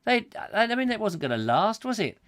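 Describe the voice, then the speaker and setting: A man's voice: high voice, sing-song, brisk, a bit bright. Rambling man hosting a live show. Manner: rambling, self-mocking, full of fillers and asides. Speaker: host of a live chat show. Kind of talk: comic rambling live chat.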